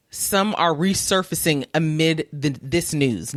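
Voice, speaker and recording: A woman's voice: deep voice, expressive, slow, hardly any pauses, dry recording, clean studio sound. A woman co-hosting a podcast, chatting casually and reading news aloud through bursts of laughter. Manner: giggly, reads news aloud between laughs. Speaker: podcast co-host. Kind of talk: casual chat.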